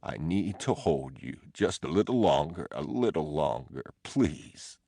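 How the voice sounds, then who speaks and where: A man reading aloud, voicing a grieving husband in a slow, whispery, tearful way. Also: rumbling low, very animated, creaky, warm tone, breathy edge, dry recording, clean studio sound, heavily acted. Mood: pleading. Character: grieving man clinging to his dead wife.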